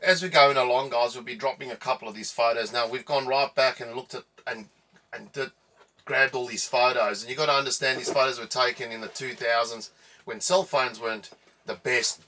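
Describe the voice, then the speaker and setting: Bright-voiced South African man, jokey. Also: medium pitch, steady tone, a little fast, far from the mic. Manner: jokey and rambling. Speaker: co-host. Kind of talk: casual chat.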